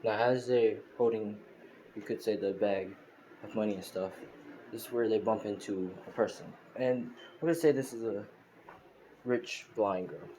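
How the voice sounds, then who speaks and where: Man, lowish voice, casual fan-story retelling, rambling, restarts, noisy hiss. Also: normal speed, mellow. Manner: rambling, many restarts and fillers.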